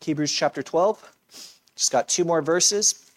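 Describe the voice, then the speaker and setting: A man's voice: fairly high pitch, unhurried. A man preaches in a church, talking to his congregation as if chatting. He jokes at his own expense and keeps checking in with "right?" between his points. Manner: conversational preaching, self-deprecating humor, frequent "right?". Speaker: pastor. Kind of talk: sermon.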